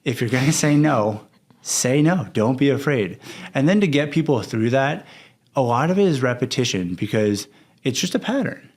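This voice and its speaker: Young man, podcast guest, blunt and candid, acts out dialogue, mid-pitched. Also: lively intonation, normal speed, darkish tone. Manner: candid, storytelling, acts out quotes. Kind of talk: casual interview talk.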